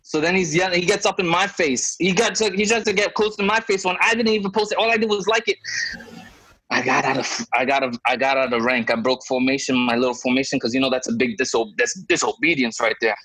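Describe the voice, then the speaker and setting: A man in his thirties, co-host of a podcast, telling a story in a casual, animated way and jumping into high voices when he quotes people. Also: fast talker, slightly rough, no echo, rough recording.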